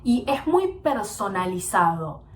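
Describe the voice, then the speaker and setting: A woman, speaking slowly and deliberately in a language-learning video. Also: medium pitch, very animated. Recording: echoey, distant clip played back.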